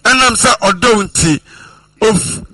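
Bright high-voiced male preacher. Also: dry recording, low-quality recording. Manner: measured preaching with scripture citations and repeated refrains. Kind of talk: sermon.

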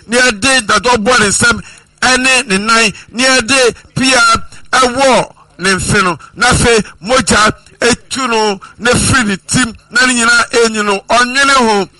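Male preacher, high and very bright voice, measured sermon delivery, dry close sound. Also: dry recording, low-quality recording. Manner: measured preaching with scripture citations and repeated refrains.

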